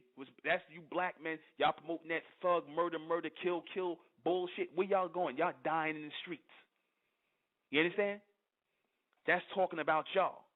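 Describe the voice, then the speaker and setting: A man hosting his own channel, reading scripture aloud and commenting on it bluntly and profanely, often asking "you understand?" and stumbling over the old wording. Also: a little high. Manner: stumbles and restarts over archaic verses. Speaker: channel host. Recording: tinny phone-like audio.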